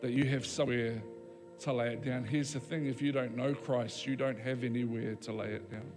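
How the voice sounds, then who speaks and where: A man preaching a sermon as pastor, emphatic, with dramatic pauses and voiced quotes. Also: mid-range voice, steady tone, in a large hall, over music.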